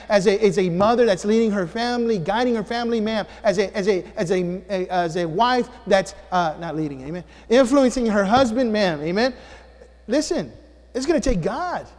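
A man preaching to his congregation in a church, his voice sitting high for a man. He swings between booming and hushed. The sound rings out with the long echo of the hall. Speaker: pastor. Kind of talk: sermon. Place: church sanctuary.

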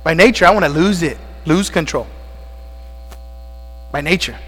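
This pastor's voice sits on the high side with a fairly bright tone, moving at a normal speed. He sounds winded as he preaches a sermon, firing questions at the congregation and shouting frequent amens in call-and-response fashion. The sanctuary gives a long reverb, and mains hum runs underneath.

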